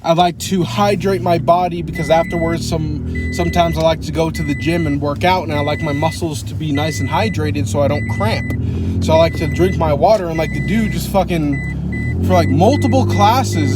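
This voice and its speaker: A man vlogging casually from his car as he drives, rambling and swearing, with lots of fillers. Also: on the high side. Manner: rambling, profane, with many fillers. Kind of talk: casual driving vlog. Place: in a car while driving. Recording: car cabin with clear road noise. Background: road and traffic noise.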